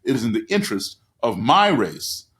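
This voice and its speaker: A man's voice: medium pitch, big pitch swings, moderate pace, fairly bright tone. A man voicing a stern middle-aged man who lectures a younger man in a stiff, preachy way. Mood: lecturing.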